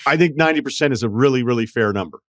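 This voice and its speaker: A man's voice: medium pitch, racing, no room sound, clean studio sound. A man hosting a podcast, telling stories in a wry, profane, casual way. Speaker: podcast host. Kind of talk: casual chat.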